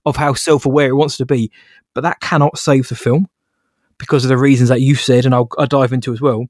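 A man co-hosting a casual film review podcast, animated and sarcastic, laughing as he talks. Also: mid-range voice, brisk, no room sound, studio quality.

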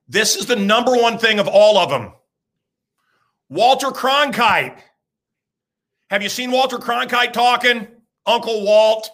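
A radio host in his sixties delivers a ranting talk-show monologue in a high-pitched voice. He's loud and emphatic, rambling and repeating himself, tossing in crude jokes and bursts of shouting.

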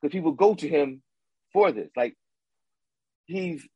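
A man co-hosting a casual sports talk show, ranting with animated repetition and slang. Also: a little high, a little slow, breathy edge, dry recording, highs cut off. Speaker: podcast co-host.

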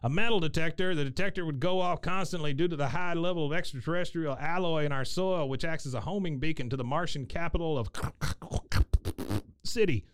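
A man's voice: fairly high pitch, brisk, clean tone, pitched above the performer's own voice, close to an everyday voice. A man voicing a paranoid, conspiracy-minded middle-aged man with a smug know-it-all manner.

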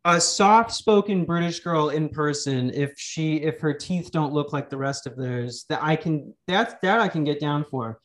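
Guy hosting a podcast, rambly, jokey, kinda higher voice, restarts a lot. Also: measured pace, hardly any pauses. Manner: rambling, joking, frequent restarts. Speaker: podcast host. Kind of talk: casual crude podcast chat. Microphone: remote call mic.

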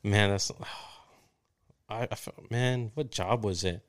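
Brief: male podcast host, slightly low voice, easygoing banter, curses casually. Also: slow pace. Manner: laid-back, swears freely, jokey.

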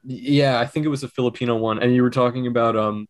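A man's voice: medium pitch, steady tone, fast, dry recording. A young man co-hosting a podcast in casual chat, rambling with restarts and swearing. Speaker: podcast co-host.

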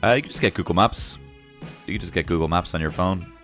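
A man voicing a nervous, stammering young Irish man who rambles quickly. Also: low-pitched, fairly bright tone, faint music behind. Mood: flustered.

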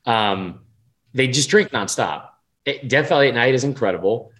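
A man's voice: medium pitch, expressive, normal speed, a bit bright. Man, podcast co-host, rambling casual storytelling, swears a lot. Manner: rambling storyteller, swears freely, acts out quotes. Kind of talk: casual chat.

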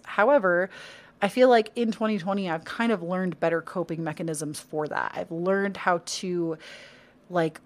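A young adult woman hosting a casual solo podcast, chatty and encouraging, with lots of "um" and "like". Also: lowish voice. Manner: chatty, encouraging, with many fillers like "um" and "like". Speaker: podcast host and content creator.

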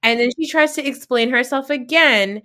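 A woman's voice: high-pitched, normal speed, pushed and bright. Blunt, swearing woman podcast co-host. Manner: blunt, swears freely, acts out quotes. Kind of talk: casual recap chat.

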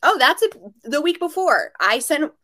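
A woman's voice: sits high, normal speed. A woman co-hosting a casual podcast, telling stories animatedly and acting out what people said. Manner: animated storytelling, acts out quotes. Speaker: podcast co-host, reseller.

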